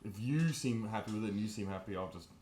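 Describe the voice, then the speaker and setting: A man's voice: lowish voice, fast, darkish tone, reverberant, a little hiss or hum. A man playing a character in a tabletop game, sardonic and joking. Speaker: player. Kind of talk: in-character banter.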